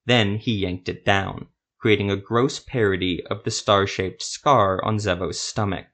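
A man with a fairly low voice reads a dark fantasy story aloud. His scripted narration is steady and measured, even through the violent passages.

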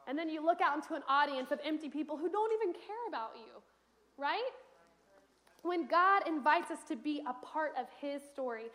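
A young woman with a very high voice preaches to a congregation. She tells her stories in an animated way and acts out the voices in them. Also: normal speed. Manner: animated storytelling, acts out quotes. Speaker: speaker giving a church message. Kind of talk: sermon.

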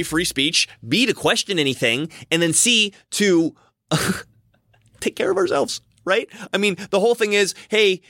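A man's voice: a little high, pushed and bright, no echo, clean studio sound. A man giving a casual, rambling monologue as a commentator, often repeating himself and restarting his sentences.

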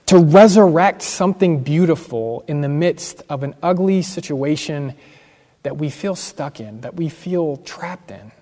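A man's voice: a little high, lively intonation, a little slow, mellow. A man preaching a sermon as pastor, earnest and emphatic, repeating key phrases. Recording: long hall reverb.

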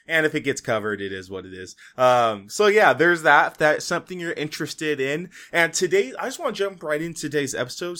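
A man's voice: mid-range voice, pushed and bright. Chatty young man rambling on his podcast. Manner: rambling, chatty, full of "like" and "you know". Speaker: podcast host. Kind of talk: casual solo podcast monologue.

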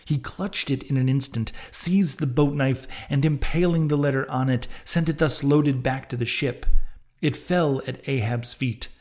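A man hosting a podcast, reading a classic novel aloud in measured, steady audiobook narration. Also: medium pitch. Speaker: podcast reader and host.

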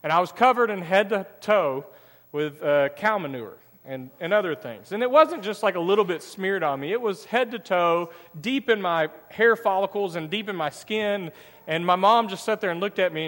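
A man's voice: high-pitched, fairly bright tone. A man preaching a sermon, telling a personal story in a conversational way and acting out the dialogue. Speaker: pastor. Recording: long reverb of a church hall.

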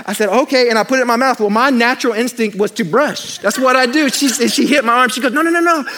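A man's voice: very high-pitched, fast talker. A man preaching a sermon to a congregation in church, mixing scripture with funny personal stories and asides. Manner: storytelling with humor, animated asides to congregation. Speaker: pastor.

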